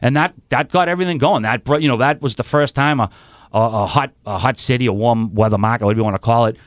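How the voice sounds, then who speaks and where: Fast-talking male sports podcast host. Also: medium pitch, dry recording. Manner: rambling, with many restarts and fillers. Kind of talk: casual sports chat.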